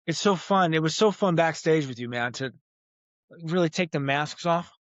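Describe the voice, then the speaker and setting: A man speaking as a podcast guest, talking earnestly and reflectively with frequent pauses and vivid comparisons. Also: a little high, fairly bright tone, no room sound, dull audio. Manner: earnest, uses metaphors, many "uh" pauses. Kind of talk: reflective interview talk.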